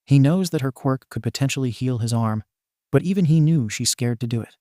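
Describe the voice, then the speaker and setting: A man's voice: mid-range voice, brisk, mellow, no echo, studio quality. Man reading fan fiction aloud. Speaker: narrator.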